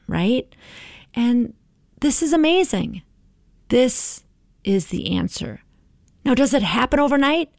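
A woman's voice: fairly high pitch, sing-song, takes it slowly, vocal fry, long pauses, darkish tone, no echo, clean studio sound. A middle-aged woman hosting a podcast, talking in an encouraging, motivational way and often checking in with "right?". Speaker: podcast host.

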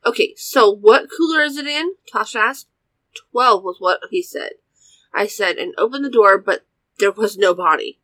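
A woman reading a first-person story aloud in a plain, even delivery. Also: mid-range voice, normal speed, dry recording, low-quality recording.

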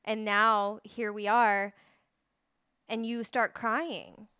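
A woman's voice: medium pitch, little pitch movement, pushed and bright, smooth, no room sound, clean studio sound. A woman co-hosting a casual podcast chat, talking in a reassuring way about her work with couples. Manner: reassuring, quick affirmations. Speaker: podcast co-host, wedding planner.

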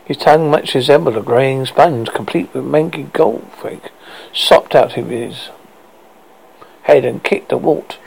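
A man's voice: mid-range voice, a little slow, gravelly, a little mellow, slightly rough, rough recording. A man hosting a podcast, telling a comic horror story in a rambling way that often stumbles over words. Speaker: podcast host.

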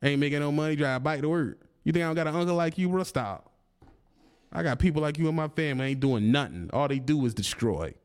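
A man's voice: fairly high pitch, animated, fast, smooth. Man taunting a rival in a rant. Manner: taunting, confrontational, laughs mockingly. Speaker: YouTuber.

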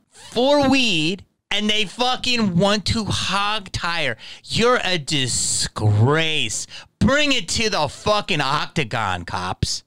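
Animated, bright-voiced man ranting. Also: high voice, smooth, dry recording. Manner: profane, heated and sarcastic. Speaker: podcast host. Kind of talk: casual rant commentary.

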